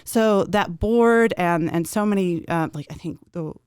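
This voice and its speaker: Chatty lower-voiced woman, smooth tone. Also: measured pace, a little mellow. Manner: chatty, rambling with fillers. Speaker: guest, arts project manager. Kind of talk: casual chat.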